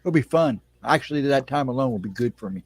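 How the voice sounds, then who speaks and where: A man's voice: mid-range voice, lively intonation, fast. A man joining a live stream as a guest, making easygoing jokes in casual banter with the host.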